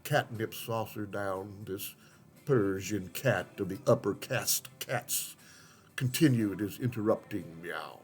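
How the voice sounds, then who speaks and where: A man narrates a rhyming storybook at an unhurried, drawn-out pace with a sing-song lilt. His pitch is ordinary for a man, and faint music runs softly beneath his voice.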